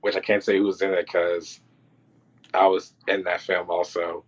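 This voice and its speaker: A man's voice: deep voice, level tone, a little slow. A man who works on film crews tells casual stories from set as a podcast guest, acting out quotes and reactions. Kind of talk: casual storytelling. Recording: dull lo-fi sound.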